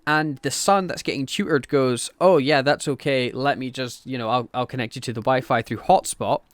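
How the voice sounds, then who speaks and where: A man co-hosts a casual podcast, recapping a TV plot with plenty of swearing and acted-out quotes. His voice sits at a middle pitch and the recording is dry and close. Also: moderate pace, no echo. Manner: animated, sweary, acts out quotes. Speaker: podcast co-host. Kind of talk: casual chat recapping a TV show.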